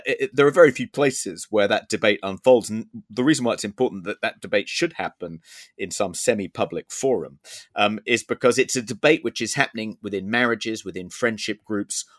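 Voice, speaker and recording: A man's voice: on the low side, a bit bright, no echo, studio quality. Hesitant male podcast co-host. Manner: hesitant, many ums and restarts. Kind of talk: casual chat.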